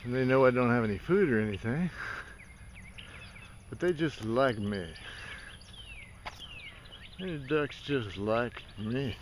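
A man's voice: medium pitch, lively intonation, slow pace, long pauses, background noise. Guy out by a pond sweet-talking ducks, voice jumps all over, faint bugs chirping behind. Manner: playful, coaxing, chatty. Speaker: vlogger. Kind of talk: casual talk to animals while filming. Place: outdoors by a stormwater pond.

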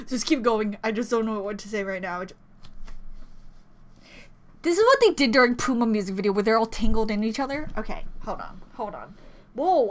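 A woman hosting a fan reaction video, gasping, squealing and repeating words in excited disbelief. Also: fairly high pitch.

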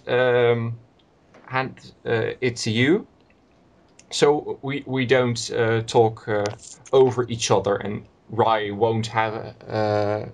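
Hesitant man moderating a podcast call. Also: medium pitch. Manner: hesitant, many fillers and restarts. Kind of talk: casual group call chat.

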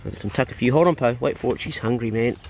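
Against a noisy background, this middle-aged Kiwi farmer talks fast at a medium pitch. He's outdoors by the dog kennels on his rural property, vlogging casually and coaxing his dogs with relaxed fondness. He also hunts pigs.

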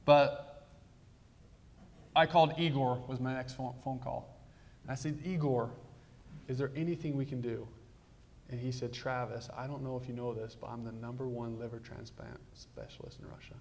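A man in his thirties tells a personal story in a flat, even voice. He often restarts his sentences and drops into quiet asides. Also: mid-range voice, moderate pace, gravelly, a little hiss or hum. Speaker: guest speaker.

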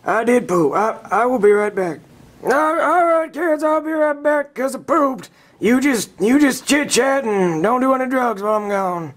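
A man playing a crabby old teacher, squeaky high. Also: expressive, normal speed. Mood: rambling. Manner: crabby, crude, barking orders. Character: cranky old male schoolteacher. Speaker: puppet comedy actor.

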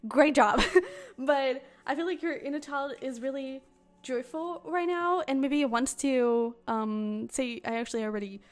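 Young female tarot reader, bubbly and chatty, slightly high voice, laughs easily. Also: unhurried. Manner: bubbly, rambling, laughs often. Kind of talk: casual tarot reading to camera.

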